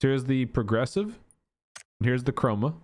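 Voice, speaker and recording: A man's voice: mid-range voice, lively intonation, normal speed, darkish tone. A man giving casual gameplay commentary as a gaming YouTuber, thinking aloud in a chatty way with many filler words.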